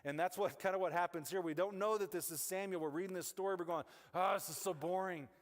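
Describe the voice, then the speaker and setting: A man's voice: high-pitched, fast talker. Casual man preaching in a reverberant church hall. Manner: conversational, rambling with restarts and asides. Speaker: pastor. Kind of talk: casual sermon. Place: church sanctuary. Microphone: wireless mic.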